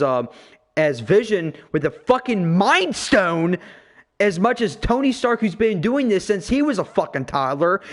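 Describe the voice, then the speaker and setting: A man hosting a casual podcast, ranting profanely and with strong opinions. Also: high-pitched. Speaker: podcast host.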